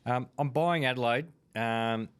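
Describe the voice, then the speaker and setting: An Australian man co-hosting a sports radio show, trading quick, opinionated quips in casual banter. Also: mid-range voice, fairly bright tone, clean tone. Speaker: co-host, former footballer.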